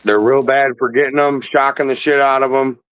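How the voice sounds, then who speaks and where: A man's voice: mid-range voice, level tone, brisk, fairly bright tone, clean tone, dry recording. Laid-back man chiming in. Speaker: podcast guest. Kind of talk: casual chat. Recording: dry, dull lo-fi audio.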